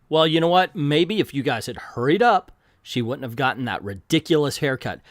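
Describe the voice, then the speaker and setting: A man's voice: a little high, lively intonation, normal speed, few pauses, no echo, studio quality. A man reviewing a comic book in a casual, sarcastic and exasperated commentary vlog.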